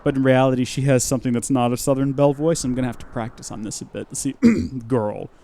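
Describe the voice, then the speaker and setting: A man's voice: medium pitch, steady tone, rapid-fire, warm tone, a little hiss or hum. A man hosting a live game stream, with goofy, rambling and chatty commentary.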